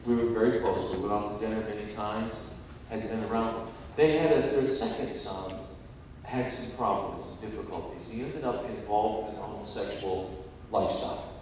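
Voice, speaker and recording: A man preaching a sermon as a pastor, telling a story and rising to loud, emphatic peaks. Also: fairly low pitch, slight background noise. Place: large church sanctuary. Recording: echoey hall, distant mic.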